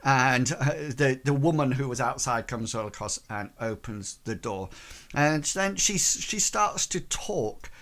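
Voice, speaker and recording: Slow, hesitant game master, a man. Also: medium pitch, expressive, fairly bright tone. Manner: hesitant, full of ums and likes. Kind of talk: narrating a tabletop game.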